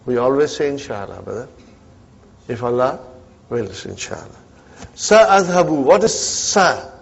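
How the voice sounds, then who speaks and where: A man's voice: mid-range voice, animated, normal speed, gravelly, slightly rough, dull audio. A man teaching an Arabic grammar class, drilling students with repeated questions and frequent "huh?" prompts, mixing Arabic terms into his English. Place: community centre classroom.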